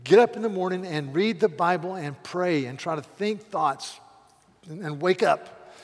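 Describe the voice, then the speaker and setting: A man preaching a sermon with passion, swinging between loud calls and hushed, pleading lines. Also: sits high, expressive, normal speed, slightly rough, long reverb tail. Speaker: pastor.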